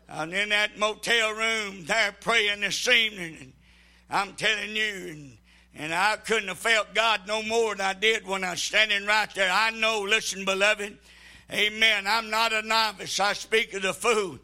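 A pastor preaching an impassioned sermon, swinging between shouted cries and hushed, near-whispered lines. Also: male voice, high-pitched, fairly even intonation, unhurried. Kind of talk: Pentecostal sermon.

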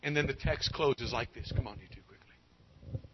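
A man preaching a revival sermon, swinging from hushed pleading to loud exclaiming and stretching out key phrases. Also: mid-range voice, brisk, slight background noise. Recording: dull lo-fi sound.

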